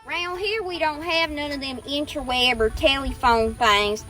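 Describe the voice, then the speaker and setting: Gal putting on a thick southern drawl hillbilly, high bright voice, hammy and folksy, soft music under it. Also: female voice, unhurried. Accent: exaggerated Southern US drawl. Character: backwoods hillbilly woman. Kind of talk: comedic character skit.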